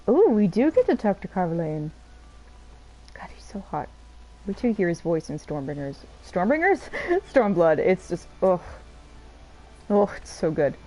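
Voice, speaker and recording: A woman giving rambling, chatty let's-play commentary over a game, quick to laugh. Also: lowish voice, sing-song, dark tone, low-quality recording. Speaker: streamer playing a game.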